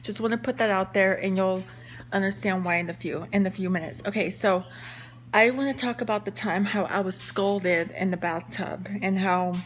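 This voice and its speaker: A woman's voice: medium pitch, normal speed. A young woman telling a casual story-time vlog, chatty with lots of fillers and restarts. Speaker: vlogger.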